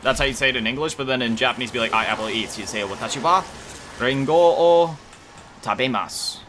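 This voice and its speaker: Talking fairly quickly in a medium pitch over a noisy background, a man chats casually while playing a video game. He's a gaming YouTuber who rambles, runs himself down and often trails off hunting for words.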